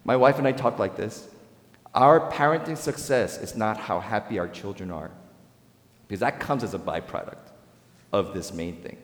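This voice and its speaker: A male pastor preaching a sermon, swinging between loud, rising emphasis and quiet, low asides. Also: moderate pace. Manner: dynamic preaching with sharp swings in pitch and volume. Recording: echoey hall with long reverb.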